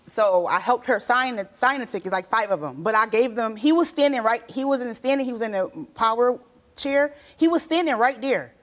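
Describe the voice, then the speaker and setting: Talk show guest, thirties woman, slightly high pitch, animated storyteller. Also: moderate pace. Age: 30s. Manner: animated, acts out quoted voices; colloquial, repeats herself. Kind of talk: emotional testimony.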